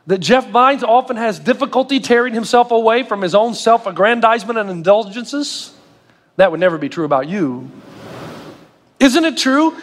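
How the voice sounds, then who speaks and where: A middle-aged male pastor delivering a sermon with animated storytelling and self-mocking humor. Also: high voice, big-room sound.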